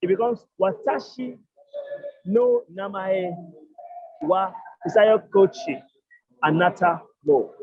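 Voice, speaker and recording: High husky guy running a lesson over a video call, dull dry lo-fi sound, goes through it step by step. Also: dry recording. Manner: explains step by step, repeats phrases slowly. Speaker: language teacher. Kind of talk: online language lesson.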